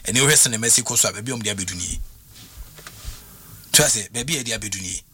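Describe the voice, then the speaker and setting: A man's voice: fairly low pitch, fairly quick, bright, forceful tone, slightly rough. A man with a Ghanaian accent talking football on a radio sports show, emphatic and repetitive as he drives his points home. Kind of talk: sports talk radio discussion.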